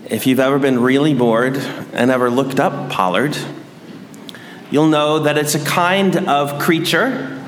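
A man giving a sermon as a priest, measured and dryly humorous. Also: mid-range voice, a little hiss or hum. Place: large church. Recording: echoey church hall.

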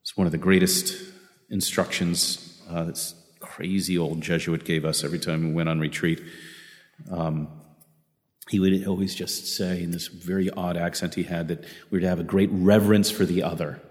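Deep-voiced man preaching in a reverberant hall. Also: little pitch movement, moderate pace. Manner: earnest, self-correcting with repeated restarts. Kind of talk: sermon.

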